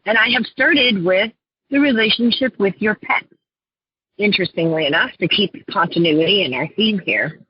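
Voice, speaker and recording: A woman life coach, a guest on an interview show, telling her clients' stories in an earnest, heartfelt way and often clearing her throat. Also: mid-range voice, moderate pace, dry recording, highs cut off.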